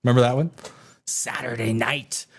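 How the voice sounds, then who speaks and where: A man hosting a live stream, ranting in a casual, crass and excitable way and laughing often. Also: mid-range voice, moderate pace, creaky, breathy edge. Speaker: live show host.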